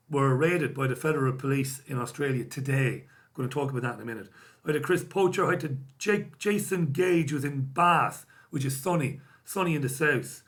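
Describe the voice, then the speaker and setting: Irish guy hosting his stream, reading out chat, wry and self-mocking, voice sits a bit high. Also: fairly bright tone. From Ireland. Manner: casual, wry, self-deprecating banter. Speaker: host. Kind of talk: solo live-stream chat reading viewer comments.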